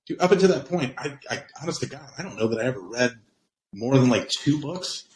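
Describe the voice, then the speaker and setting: A man's voice: mid-range voice, expressive, fairly quick, rough recording. Self-deprecating man reflecting as a guest. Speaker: guest, comedian and actor. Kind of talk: casual interview chat.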